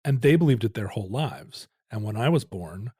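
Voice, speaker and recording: In a dry, studio-quality recording, a middle-aged podcast co-host casually chats, recounting a family story in a rambling way and cutting himself off. His voice is lowish, dark and husky, fairly quick, with lively intonation.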